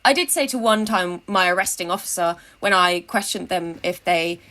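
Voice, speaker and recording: A woman's voice: on the low side, normal speed, pushed and bright. A young adult woman telling casual anecdotes in an interview, wry and tongue-in-cheek, with frequent fillers and restarts. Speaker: interviewee, activist.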